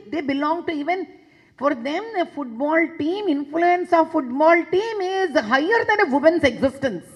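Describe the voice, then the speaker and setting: Addressing a session, a woman with an Indian English accent delivers an impassioned public talk, emphatic and repeating phrases for force. Her voice sits high, and the recording quality is low.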